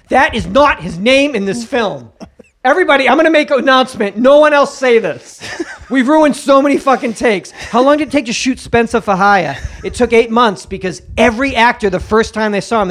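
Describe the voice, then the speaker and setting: A man's voice: very high voice, lively intonation, brisk, a bit bright. A man from the Boston area co-hosting a comedic podcast, riffing animatedly and swearing freely. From Boston area, USA. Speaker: podcast co-host. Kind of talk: comedic casual chat.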